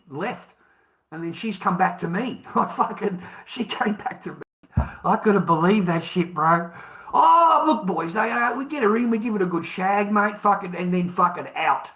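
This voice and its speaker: A man's voice: high-pitched, fairly bright tone. A man with an Australian accent, telling a personal story in a profane, emphatic rant that repeats points for emphasis.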